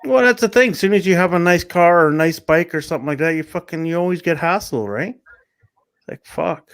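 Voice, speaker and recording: A man's voice: on the high side, brisk, smooth. A man from Canada hosting a casual chat, telling brash, heavily sworn stories about police stops. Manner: brash, heavy swearing. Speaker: host. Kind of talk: casual storytelling.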